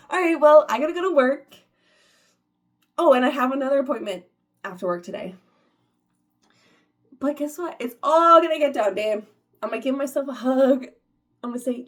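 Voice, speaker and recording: A woman in her thirties talks casually to her followers, upbeat and encouraging. Her voice sits a little high, and she sprinkles "like" through every sentence and laughs easily. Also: animated, moderate pace, long pauses. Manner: chatty, upbeat, many "like" fillers, laughs often. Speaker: vlogger. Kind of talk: casual motivational talk to camera.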